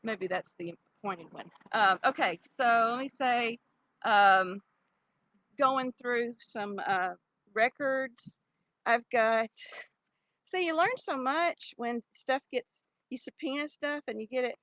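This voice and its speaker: A woman's voice: on the high side, takes it slowly, a bit bright, no room sound, dull audio. Pleading, rambling middle-aged woman, dry sound. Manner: rambling, pleading, many restarts and fillers. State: near tears. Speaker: vlogger addressing her ex. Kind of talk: emotional direct-to-camera monologue.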